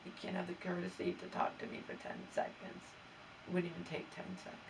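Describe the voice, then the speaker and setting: A woman's voice: fairly low pitch, little pitch movement, a little fast, vocal fry, recorded from a distance, noisy background. A woman vlogger venting her grievances in an aggrieved, exasperated way, stammering and restarting as she talks. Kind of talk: venting personal vlog.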